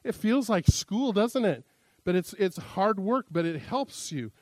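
A man's voice: sits high, sing-song, unhurried, darkish tone, no room sound. A middle-aged male pastor teaching a sermon in a conversational, jokey way, acting out quoted lines. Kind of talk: sermon teaching on interpreting scripture.

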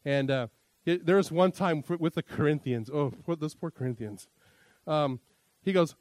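A man's voice: a little high, moderate pace, a little mellow, no echo. A middle-aged male pastor teaching a sermon in a conversational, jokey way, acting out quoted lines. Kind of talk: sermon teaching on interpreting scripture.

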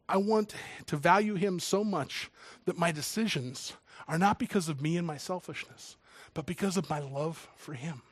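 Man preacher, slightly high voice, emotional, loud readings then hushed asides, dry mic. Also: no room sound. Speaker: preacher and church drummer. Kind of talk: sermon.

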